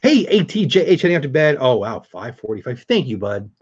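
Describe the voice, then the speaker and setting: A man's voice: mid-range voice, big pitch swings, fairly quick, husky, highs cut off. A middle-aged man hosting a casual live stream, chatting upbeat with viewers and answering their comments.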